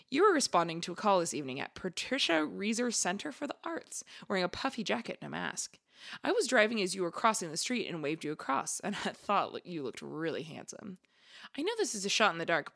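A woman's voice: lowish voice, creaky, a bit bright. A young woman co-hosting a podcast, chatting casually and playfully, laughing often. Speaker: podcast co-host. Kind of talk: casual chat.

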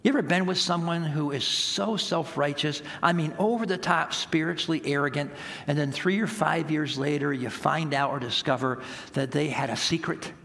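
Earnest male pastor, slightly higher voice, emphatic storyteller, long hall echo. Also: normal speed, vocal fry, fairly bright tone, slight background noise. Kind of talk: sermon.

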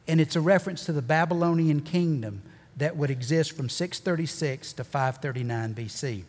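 A pastor delivers a folksy, animated sermon, slipping in jokes and hammering points home by repeating them. His voice sits a little high for a man, and long reverb from the church sanctuary trails after every phrase. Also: normal speed. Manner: folksy, animated preaching with joking asides and repeated emphasis.

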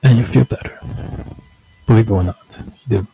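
A man casually signing off his weekly videos in a slow, meandering, self-mocking way, joking that he can't stop sounding sarcastic. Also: fairly low pitch, mellow, a little hiss or hum, rough recording. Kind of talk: rambling casual sign-off.

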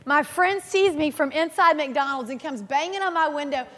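A woman in her thirties preaching a sermon, earnest and animated, telling personal stories and laughing at herself. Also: sits high, moderate pace. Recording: reverberant hall.

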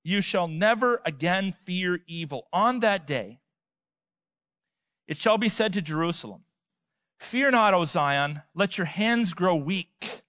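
Man, pastor, sermon, emphatic, rhetorical questions, unhurried delivery. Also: high voice, expressive, dry recording. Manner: emphatic preaching, rising and falling loudness, rhetorical questions.

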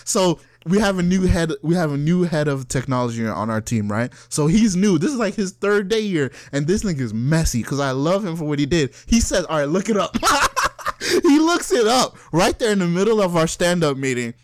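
A young man telling a work story in loose, casual chat. His voice sits a touch higher than most men's, and it is recorded dry and close with no room sound. He is animated and slangy, breaks into cackling laughter mid-sentence and acts out everyone he quotes. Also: a little fast, few pauses, no echo. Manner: slangy and heavily profane, acts out quoted people.

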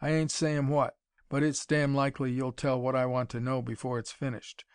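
A man voicing a blunt, menacing male gang boss who rumbles his threats. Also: little pitch movement, moderate pace, smooth, no echo, studio quality, lightly acted. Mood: threatening.

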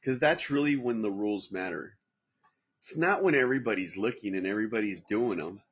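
Podcast host from Southern California, middle-aged man, husky and dull-sounding, rambling and profane. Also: fairly low pitch, animated, a little fast. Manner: rambling, profane, restarts often. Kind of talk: casual livestream podcast chat.

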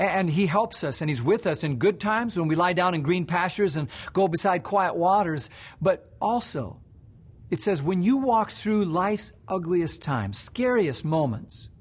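A male pastor delivering a sermon with a fairly high, husky voice. He drops to near whispers for prayer, then climbs in pitch and force for emphasis. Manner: swings between soft hushed prayer and rising impassioned emphasis.

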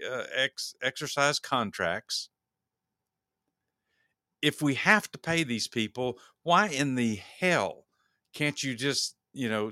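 Man, podcast host, heated solo rant, stumbles and repeats words, bright forceful voice, dry close recording. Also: medium pitch, no room sound. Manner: heated, ranting, repeats words when worked up. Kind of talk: solo political commentary.

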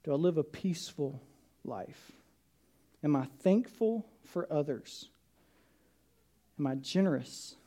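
A male pastor giving a sermon in church, animated and conversational, asking the congregation questions. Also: fairly high pitch, slow pace, long pauses. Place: church sanctuary.

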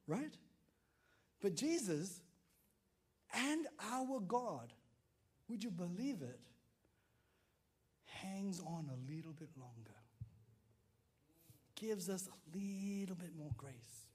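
Slow, animated male preacher. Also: sits high, slightly rough. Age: adult father. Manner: animated storytelling, acts out quotes, frequent "right?" to listeners. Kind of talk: sermon.

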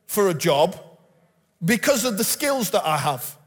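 High-voiced preacher. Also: male voice, a little slow. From England. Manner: animated preaching, acts out quotes. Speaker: guest pastor. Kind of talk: sermon. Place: church hall. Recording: reverberant church hall.

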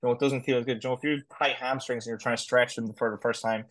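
A man's voice: medium pitch, steady tone, racing, rough recording. A man co-hosting a podcast, chatting casually and rambling with lots of fillers. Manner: rambling, fillers like "like" and "sort of stuff". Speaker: podcast co-host. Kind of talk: casual chat.

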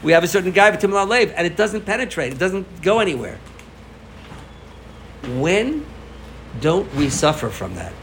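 A male rabbi, delivering an informal sermon at a gathering. His voice is slightly high and very expressive, swinging from loud emphasis to quiet asides as he tells stories. A faint hiss of background noise sits under the recording. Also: normal speed, long pauses, rough recording. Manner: animated storytelling, swings between loud emphasis and soft asides. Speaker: rabbi giving a farbrengen talk.

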